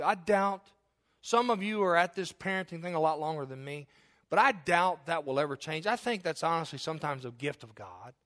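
A man's voice: on the high side, a bit bright. A man preaching a sermon as pastor, with an emphatic, repetitive cadence and earnest, personal asides to the congregation. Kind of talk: sermon with altar call.

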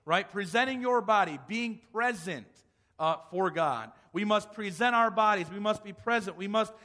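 A man's voice: high voice, moderate pace, bright, forceful tone. A male pastor preaching a sermon, emphatic, asking rhetorical questions and restarting phrases as he goes. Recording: long hall reverb.

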